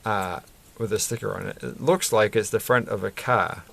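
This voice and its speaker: A man talks in a loose, rambling way, chuckling and correcting himself as he goes. His voice sits low with a gravelly fry to it. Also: moderate pace, a bit bright. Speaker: Lego build vlogger. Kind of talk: casual chat while building.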